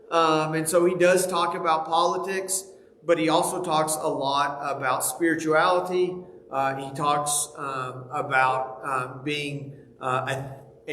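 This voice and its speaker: A man's voice: a little high, a bit bright. Texan man teaching a church class. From Texas. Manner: folksy, halting, many fillers and restarts. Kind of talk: casual church class talk. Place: church auditorium. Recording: echoey church room, faint noise.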